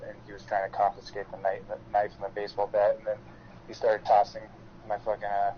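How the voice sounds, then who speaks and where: A man chats on a podcast in a lowish voice, rambling through a story loaded with "like" and swearing. The audio is dull and lo-fi, with a faint hiss behind him. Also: monotone, fast. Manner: rambling, profane, full of fillers. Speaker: podcast co-host. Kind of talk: casual storytelling chat.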